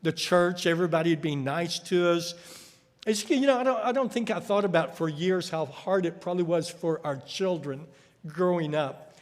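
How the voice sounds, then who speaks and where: A man's voice: a little high, normal speed. A man preaching a sermon, telling stories and acting out the voices of people he quotes. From United States. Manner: storytelling, acts out quoted voices. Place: church hall. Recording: echoey church hall.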